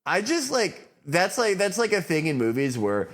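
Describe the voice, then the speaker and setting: A man's voice: high-pitched, huge pitch swings, moderate pace, fairly bright tone. A man guesting on a podcast, rambling and swearing in loose, filler-heavy banter. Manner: rambling, profane, lots of fillers.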